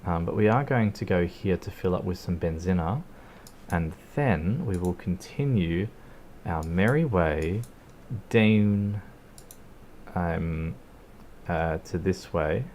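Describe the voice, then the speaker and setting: A man's voice: low-pitched, slow pace, long pauses, a little mellow, slight background noise. An Australian man casually commenting on his gameplay in a rambling, laid-back way, swearing and laughing now and then. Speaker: streamer.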